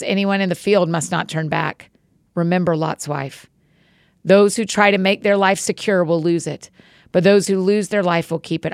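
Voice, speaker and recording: Woman with a slightly gravelly voice. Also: fairly low pitch, no room sound, studio quality. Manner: friendly, encouraging intro then steady reading. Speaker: podcast host reading scripture. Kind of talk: scripture reading.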